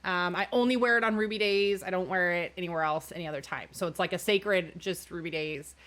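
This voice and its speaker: A woman co-hosting a podcast in casual chat, relaxed and often searching for words. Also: on the low side, brisk. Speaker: podcast co-host. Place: in-person studio recording.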